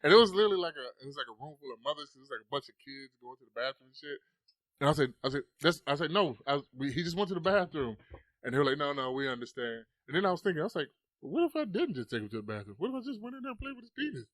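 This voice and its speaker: Casting: young adult man, lively podcast storyteller, dry close mic. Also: on the high side, rapid-fire, no room sound. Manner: animated storyteller, swears freely, acts out quotes. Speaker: podcast host. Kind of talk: casual chat.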